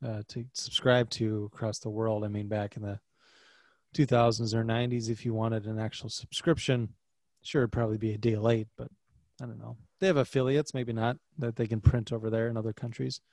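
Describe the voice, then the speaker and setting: A man's voice: lowish voice, flat delivery, a little fast, a little mellow, no echo. A man co-hosting a movie podcast in easygoing casual chat with dry asides. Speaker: podcast co-host.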